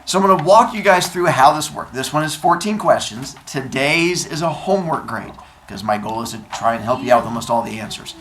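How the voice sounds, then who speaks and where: Talking a little fast with hardly any pauses, a man with a mid-range voice guides seventh graders through a quiz in steady steps, adding dry sarcasm along the way. Student chatter fills the noisy classroom recording.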